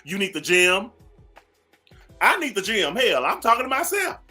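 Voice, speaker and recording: A man's voice: sits high, big pitch swings, normal speed, sharp tone, faint music behind. A man hosting a morning radio show, ranting sassily at listeners and repeating phrases for emphasis. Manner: sassy, preachy, calls listeners "baby". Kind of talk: talk radio rant.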